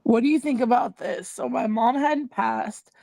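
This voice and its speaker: A woman host in a casual chat, telling a personal story in an animated way and acting out the voices she quotes. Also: fairly high pitch, moderate pace, gravelly, no room sound.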